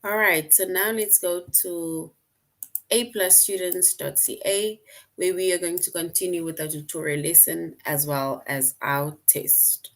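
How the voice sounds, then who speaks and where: A woman's voice: lowish voice, steady tone, unhurried, fairly bright tone. A woman teacher explaining a lesson patiently to her class online, often checking in with "right?".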